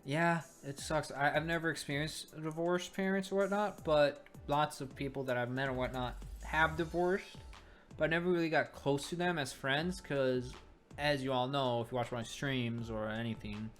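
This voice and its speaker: A man's voice: a little high, moderate pace, fairly bright tone, soft background music. A young man giving casual, rambling commentary while reviewing a webcomic, full of joking asides.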